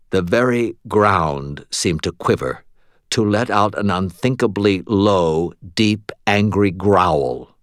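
A man's voice: low voice, lively intonation, slow, clean tone, no echo, studio quality. A man reading a first-person story aloud, wry and tired in tone. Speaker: audiobook narrator. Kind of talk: first-person scripted narration.

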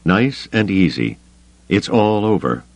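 Audiobook: male reader as a composed military commander, quiet authority, lively delivery, dry sound. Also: sits low, slow, creaky, no room sound, exaggerated voice. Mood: calm, commanding. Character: calm, commanding veteran male officer. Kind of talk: audiobook character voice.

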